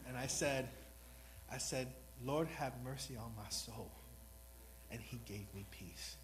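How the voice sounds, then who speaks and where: A man's voice: mid-range voice, unhurried, a little hiss or hum, low-quality recording. A man preaching a sermon in an earnest, rambling, self-deprecating way, new to speaking before this congregation. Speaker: lay preacher.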